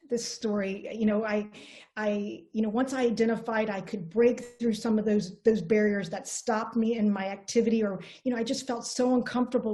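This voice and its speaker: A woman's voice: fairly high pitch, mellow. Earnest woman giving a motivational training. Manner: earnest, coaching, repeats herself. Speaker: network marketing trainer.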